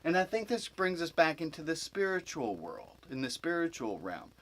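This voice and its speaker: A man's voice: on the high side, big pitch swings, normal speed, fairly bright tone, rough recording. A man who is a rabbi, giving an informal spiritual teaching to a group as a rambling storyteller who corrects himself with asides.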